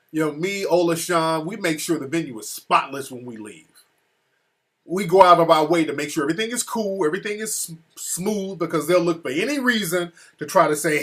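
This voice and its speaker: A man with an American accent tells a story in a relaxed, rambling way. His voice sits a little higher than most men's. He swears freely, restarts his sentences often and keeps adding asides. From United States. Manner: loose, profane, full of restarts and asides. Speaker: speaker recounting a trip. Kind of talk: casual storytelling.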